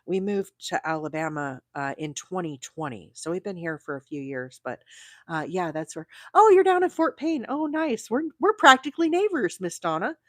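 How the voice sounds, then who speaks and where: A woman from Arizona hosting a crochet livestream, rambling chattily and reading out viewer comments, with bursts of high, excited emphasis. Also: normal speed, dry recording, clean studio sound. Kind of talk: casual live-stream chat.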